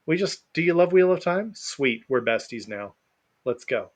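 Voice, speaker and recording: A man's voice: on the high side, lively intonation, normal speed. A man co-hosting a podcast in casual chat, jokey and teasing. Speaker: podcast co-host.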